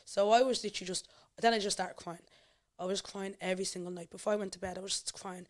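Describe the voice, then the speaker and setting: A woman's voice: mid-range voice, fairly even intonation, fast talker. A young Irish woman, a podcast guest, candidly telling her personal life story with emotion.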